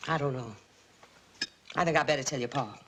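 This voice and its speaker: An actress playing a sly, nagging aunt who keeps house, in a 1950s TV drama. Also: female voice, very deep voice, fairly quick, fairly bright tone, breathy edge, full character voice. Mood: needling. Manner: nagging, insinuating, prim.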